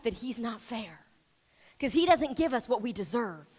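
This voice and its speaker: A woman pastor delivering an emphatic sermon, rising to loud declarations and dropping to soft, near-whispered prayer. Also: fairly high pitch, sing-song, normal speed, slightly rough.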